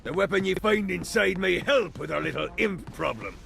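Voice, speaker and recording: An actor playing a boastful pirate captain in hell, with a gravelly, swaggering pirate growl in a video game. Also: male voice, high voice, expressive, moderate pace, bright, forceful tone, soft background music, exaggerated voice. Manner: swaggering, theatrical pirate talk. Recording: gunfire and game noise behind.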